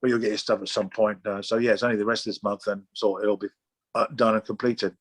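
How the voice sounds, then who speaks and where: Rambling, sweary English artist on a dry call. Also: male voice, fairly low pitch, level tone, fast, dry recording. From Oxfordshire, England. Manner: rambling, sweary, restarts a lot. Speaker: comic artist guest. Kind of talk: casual interview chat.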